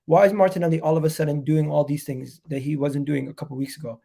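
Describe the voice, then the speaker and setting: A man hosts a live football reaction stream with a stuffy, nasal voice from a cold. His voice sits a little high and has a gravelly edge. He hammers home each point by repeating it with hyped conviction. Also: flat delivery, fast talker, warm tone. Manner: repetitive, emphatic, hyped. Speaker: football fan channel host.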